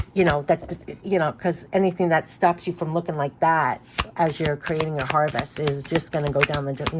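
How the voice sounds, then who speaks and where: A woman with a fairly low voice gives a spiritual card reading to her viewers. She talks earnestly and effusively, circling back to the same reassuring messages. Faint background noise sits under her voice. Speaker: tarot card reader.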